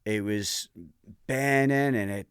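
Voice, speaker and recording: A host from Merseyside, telling a candid personal story on a podcast and acting out the voices in it. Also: male voice, medium pitch, slow pace, clear, resonant tone, no echo, clean studio sound. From Merseyside, England. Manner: animated, acts out voices in his anecdotes.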